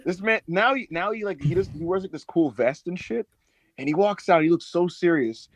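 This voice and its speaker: A man co-hosting a podcast, recapping and joking in profane, animated chat. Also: sits high, normal speed. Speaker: podcast co-host. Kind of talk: casual chat.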